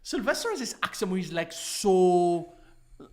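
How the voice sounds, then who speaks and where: His voice sits high and his pace is moderate as this man co-hosts a casual podcast chat. He rambles through animated stories thick with "like" fillers, laughing along the way.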